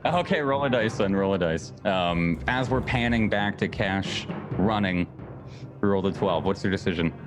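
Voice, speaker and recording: A man's voice: low voice, normal speed. A man narrating as game master, laid-back and laughing, humming little sound effects between lines. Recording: music playing behind.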